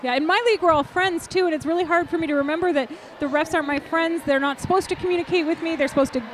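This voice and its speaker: Chatty high-voiced woman commentator. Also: steady tone, rapid-fire, a little hiss or hum. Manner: chatty, jokey, laughs often. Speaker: roller derby commentator. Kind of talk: live sports commentary.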